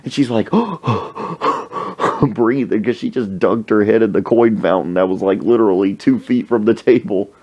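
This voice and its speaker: A man hosting a podcast, telling funny anecdotes in a casual, animated way and acting out the people in them. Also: on the low side, a little fast, hardly any pauses, muffled recording. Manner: animated anecdote telling with acted-out sneezes and voices. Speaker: podcast host. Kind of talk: casual storytelling.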